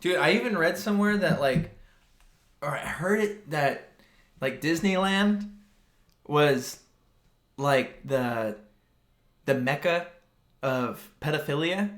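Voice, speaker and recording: A young man with a slightly high voice tells a long, rambling story in casual podcast chat. He leans on "like" and "dude" as he goes. The room around him is echoey. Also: expressive, takes it slowly, pauses often, fairly bright tone. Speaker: podcast co-host.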